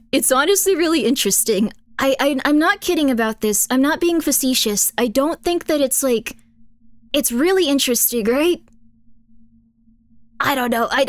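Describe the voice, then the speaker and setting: A woman's voice: sits high, dry recording. A woman streamer chatting casually with her audience, rambling through fillers and laughing often. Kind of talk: casual chat, reacting to chat and videos.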